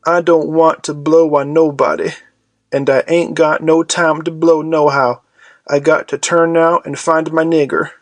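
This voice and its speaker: A man's voice: medium pitch, slow pace, no room sound, faint music behind, close to an everyday voice. A man voicing a frightened boy who whimpers and pleads in an audiobook. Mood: pleading.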